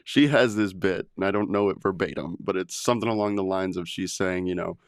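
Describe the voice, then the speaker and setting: A man's voice: deep voice, fairly quick, clear, resonant tone, dry recording, studio quality. A man from Texas hosting a casual comedy podcast, laughing often and swearing freely as he tells stories. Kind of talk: casual chat.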